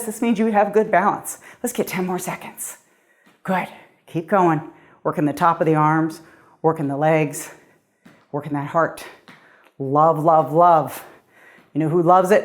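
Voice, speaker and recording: A woman's voice: on the low side, a little mellow. A middle-aged woman coaching a cardio workout with an upbeat, encouraging voice. She sounds a little out of breath as she keeps moving and cheers the listener on. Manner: upbeat, encouraging, counting down reps. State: slightly out of breath. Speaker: fitness coach. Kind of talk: guided workout instruction.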